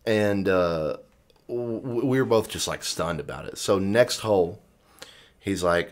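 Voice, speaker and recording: Laid-back man with a low voice telling a rambling story. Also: measured pace. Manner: rambling storyteller, acts out quotes. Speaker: podcast co-host. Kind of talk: casual chat.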